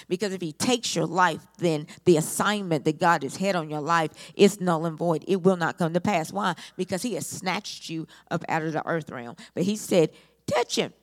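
A woman preacher delivering an impassioned sermon, building repeated phrases up toward shouting. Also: lowish voice, normal speed, few pauses.

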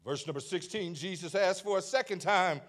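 A man delivers a sermon with a high-pitched, ringing voice. He hammers phrases again and again, building into a rhythmic, half-sung preaching cadence. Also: moderate pace, a bit bright. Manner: emphatic, repetitive, swells into sing-song cadence.

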